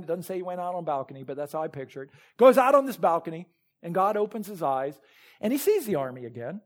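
A man preaching a sermon as pastor, reading scripture and retelling Bible stories with earnest emphasis. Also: sits high.

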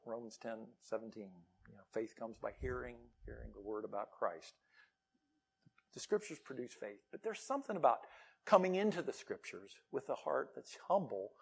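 A man preaching a sermon as pastor, animated and emphatic, with conversational asides to the congregation. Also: a little high, breathy edge.

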